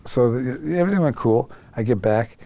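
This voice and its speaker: A man's voice: mid-range voice, moderate pace, creaky. An older man, a guest in an interview, telling stories animatedly and acting out other people's voices. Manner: animated, acts out quoted voices. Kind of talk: storytelling interview.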